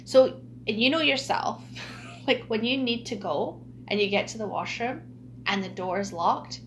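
A woman's voice: fairly high pitch, unhurried, slight background noise. Chatty woman telling a story. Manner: animated, laughing storytelling with many fillers. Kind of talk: casual chat.

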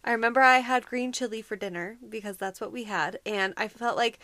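A woman's voice: a little high, fairly quick, sharp tone, no echo. A young woman co-hosting a podcast, animatedly telling a funny story and acting out her own panic with laughs. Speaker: podcast co-host. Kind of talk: casual storytelling chat.

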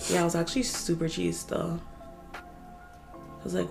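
A young woman co-hosting a podcast, telling an animated story in casual chat, full of "like" and swearing. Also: fairly low pitch, a little slow, gravelly, music in the background. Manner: animated storytelling, swears a lot, heavy filler "like".

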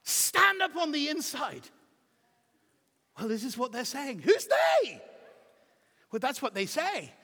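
A middle-aged man preaching a sermon as pastor, emphatic and swinging from soft to shouting. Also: very high-pitched, big pitch swings, unhurried, long pauses. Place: church auditorium. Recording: reverberant hall.

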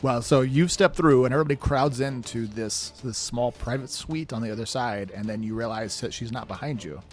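A man's voice: medium pitch, a little fast, faint music behind. A man narrating a tabletop game as game master, in a loose, rambling way with fillers.

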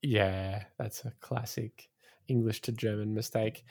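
A man's voice: on the low side, fairly even intonation, unhurried, vocal fry, a little mellow. A man chatting casually about a film, joking and laughing often. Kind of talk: casual film review chat.

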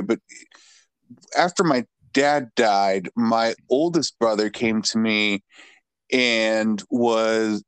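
Podcast guy musing slowly, stops and starts, dry close mic. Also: medium pitch, clean tone, no echo. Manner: reflective, halting. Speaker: podcast co-host. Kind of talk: casual podcast chat.

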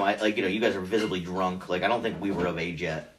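A man's voice: low-pitched, steady tone, fast, a bit bright, a little hiss or hum. A young man chatting casually as a podcast guest, telling stories and laughing often. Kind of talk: casual chat.

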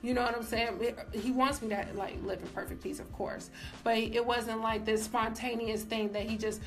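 A woman's voice: fairly high pitch, fairly even intonation, normal speed, soft background music. A young woman giving a casual personal faith testimony, emphatic and filled with "like", as a show host. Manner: casual, emphatic, says "like" often. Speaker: faith vlogger.

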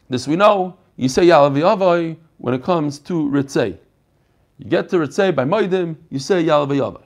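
A man teaching an online Talmud class over a video call, animated and quizzing his students. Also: a little high, moderate pace. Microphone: computer mic on a video call.

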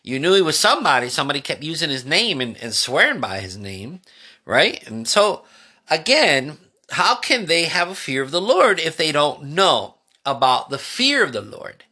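A man's voice: a little high, big pitch swings, normal speed, pushed and bright, husky. A man preaching a sermon, asking his listeners questions, building emphasis and retelling scripture in everyday speech. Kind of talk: sermon teaching.

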